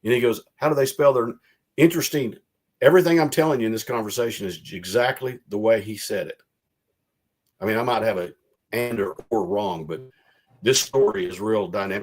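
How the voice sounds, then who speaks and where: Over a video call, a former lawmaker casually recounts events in a rambling way, giving the quotes he retells a lively voice. He speaks a little fast, in a voice on the low side.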